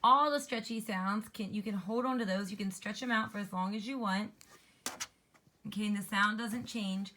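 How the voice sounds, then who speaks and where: A woman teacher giving a slow, clear phonics lesson to young children, modeling each letter sound and inviting them to try it with her. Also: mid-range voice, pushed and bright, a little hiss or hum.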